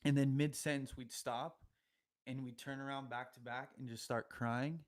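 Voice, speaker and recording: A young man spins a long, meandering story on a podcast, full of slang and loose asides. His voice sits at an ordinary middle pitch. He laughs easily as he talks. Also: steady tone, moderate pace. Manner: rambling, slangy, laughs often mid-story.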